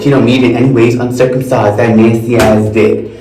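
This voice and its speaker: A young man telling a crude, animated storytime in a vlog, with shrill mocking quotes. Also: brisk, a little hiss or hum. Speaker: vlogger. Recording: echoey room, far from mic, faint music.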